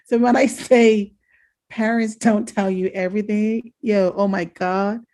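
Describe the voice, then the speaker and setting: A woman co-hosting a podcast, telling a family story in casual chat, animated and laughing often. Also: measured pace. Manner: animated, laughs often, jumps high when quoting herself. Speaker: podcast co-host.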